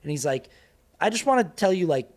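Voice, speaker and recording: A man on a podcast telling a story in a casual, animated way, laughing often and acting out what other people said in a raised voice. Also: fairly high pitch, a little fast. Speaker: guest actor and creator.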